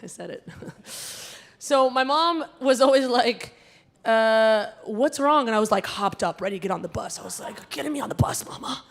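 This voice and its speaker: A woman emcee does stand-up comedy at a gala, chatting and teasing the audience in a voice on the high side with lively intonation and a measured pace. She has a Connecticut-like American accent. She's on a handheld stage mic in a large hall.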